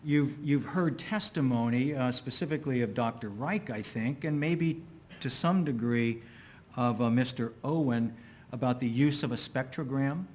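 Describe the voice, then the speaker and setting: A man working as an attorney, questioning an expert witness in court with careful, deliberate phrasing and occasional restarts. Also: medium pitch, a little mellow, slight background noise.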